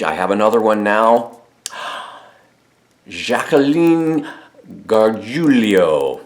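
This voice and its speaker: A man giving a casual monthly video update as a solo theatre performer, chatty and rambling with many fillers and restarts. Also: on the low side. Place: home in Chicago.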